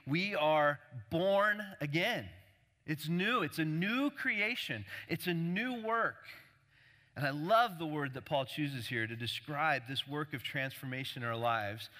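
A male pastor preaches with a bright, forceful voice that rises in pitch when he builds his point. He hammers key words over and over. His voice rings in a church sanctuary with a long reverb tail. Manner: emphatic, repeats key words, builds intensity. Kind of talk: sermon.

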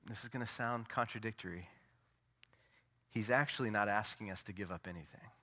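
A man preaching a sermon as pastor, swinging from loud, emphatic peaks to low, intimate asides. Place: church sanctuary.

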